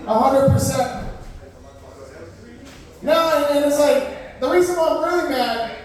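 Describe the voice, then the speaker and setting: A man from Puerto Rico performing a stand-up set at an open mic, loud and full of mock outrage. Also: extremely high pitch, measured pace, pauses often. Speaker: stand-up comedian. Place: open mic comedy room. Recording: very echoey room, mic far off.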